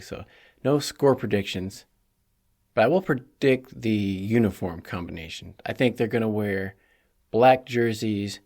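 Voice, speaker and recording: A man's voice: on the low side, a little mellow. A man hosting a solo sports preview podcast, talking casually and chattily with joking asides. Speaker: podcast host.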